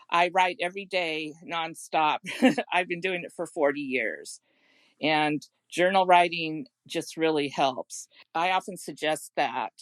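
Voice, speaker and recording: Woman, middle-aged, podcast guest, gentle earnest storytelling, slightly low pitch, dry recording. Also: no echo. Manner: earnest and gentle, with frequent restarts. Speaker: guest, home care consultant. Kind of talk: personal storytelling in a podcast interview.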